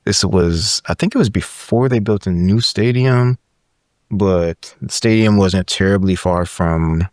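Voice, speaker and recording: Deep-voiced guy in his 30s on a podcast, animated storytelling, keeps saying right?, dry close mic sound. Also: measured pace, no room sound. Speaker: podcast guest. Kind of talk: casual conversation, storytelling.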